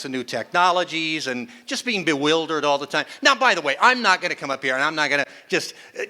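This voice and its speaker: A man's voice: fairly high pitch, pushed and bright. An older man performing a self-mocking stand-up comedy set on stage, acting out the voices he quotes. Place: conference hall stage with a live audience.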